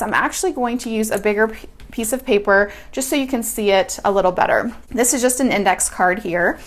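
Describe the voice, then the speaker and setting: A woman teaching a hand-lettering lesson, talking casually and chattily while she sketches and explains each step. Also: a little high. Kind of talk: casual hands-on tutorial.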